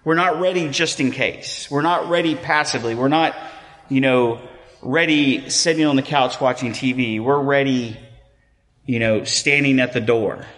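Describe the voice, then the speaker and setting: A man preaching a sermon as a pastor in a relaxed, conversational way, joking at his own expense and using lots of fillers. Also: medium pitch, normal speed. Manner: conversational, self-deprecating, many fillers. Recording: long reverb of a hall.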